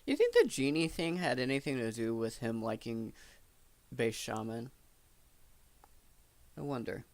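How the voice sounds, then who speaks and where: Male co-host, sarcastic, swears, very animated pitch, dry close sound. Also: unhurried, no echo. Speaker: stream co-host. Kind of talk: casual chat.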